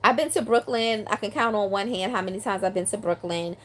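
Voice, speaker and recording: A line dance teacher in her later years, from New York City, goes live from her home in South Carolina, chatting and reading out comments with many ums. She speaks a little fast at medium pitch, and her phone or handheld mic catches slight background noise.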